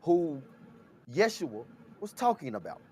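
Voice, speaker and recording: A man co-hosting a casual talk show, retelling scripture scenes in an animated, storytelling way. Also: a little high, measured pace, breathy edge. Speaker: co-host.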